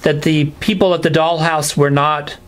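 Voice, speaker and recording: A man's voice: fairly high pitch, steady tone, moderate pace, clean tone. A man interviewing a guest, cutting in with short prompts. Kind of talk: interview questions.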